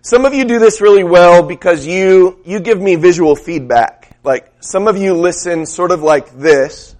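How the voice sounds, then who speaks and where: A man preaching a sermon, telling a story in a relaxed, conversational way and putting questions to the congregation. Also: high-pitched, unhurried.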